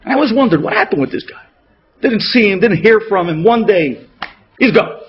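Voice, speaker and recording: Husky-voiced rabbi telling a dramatic sermon story. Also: male voice, lively intonation, a little fast. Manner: dramatic, emotional delivery with big swings in pitch and loudness. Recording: dull lo-fi radio recording.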